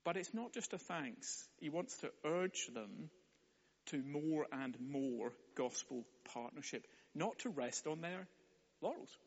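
Wry preacher in an echoey hall. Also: male voice, fairly high pitch, animated, slow, husky. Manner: wry, conversational. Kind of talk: sermon. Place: church hall. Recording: echoey hall, dull sound.

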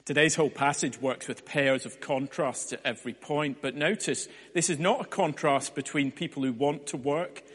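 Brief: male pastor, animated storytelling sermon, a bit high-pitched, reverberant church hall. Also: moderate pace, hardly any pauses, breathy edge. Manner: lively storytelling with playful asides. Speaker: preacher.

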